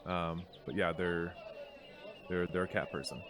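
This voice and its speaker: A man running a tabletop game over a video call, narrating haltingly with many pauses and frequent laughs. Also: low voice, steady tone, crowd noise. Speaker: game master.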